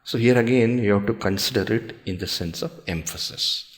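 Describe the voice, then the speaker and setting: A man giving a scripture discourse, explaining slowly and carefully, reciting Sanskrit verses and posing questions to his listeners. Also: lowish voice. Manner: slow, measured explaining with pauses and rhetorical questions. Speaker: swami teaching scripture.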